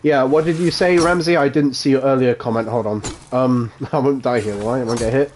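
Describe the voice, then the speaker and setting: A man at an ordinary middle pitch talks casually into his microphone during a live gameplay stream. He rambles, laughs often and swears offhandedly while explaining his moves to viewers. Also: steady tone, brisk, a little mellow, slight background noise. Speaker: game streamer.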